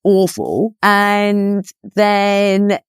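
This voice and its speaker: A woman's voice: mid-range voice, animated, drawn-out words, clean tone, no echo, clean studio sound. Chatty British woman reminiscing. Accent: British English. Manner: chatty, exclaims and swears while recalling. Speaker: podcast co-host. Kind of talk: casual chat, reminiscing.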